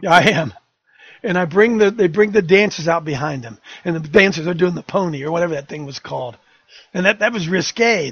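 A man's voice: a little high, a little fast, vocal fry, a bit bright, breathy edge, no room sound, muffled recording. An older man hosting a talk radio show, fiery, emphatic and rambling.

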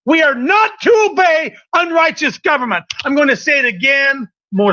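A male preacher with a strikingly high voice delivers a fiery sermon, rising to shouts and then dropping into hushed asides. The recording is dull and lo-fi. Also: big pitch swings, normal speed, few pauses. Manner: impassioned, swinging between shouting and hushed asides.

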